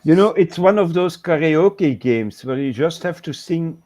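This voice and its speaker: Male co-host, patient painting coach, casual stream chat, voice sits a touch high. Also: lively intonation, measured pace, a little mellow. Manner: patient, step-by-step instructing.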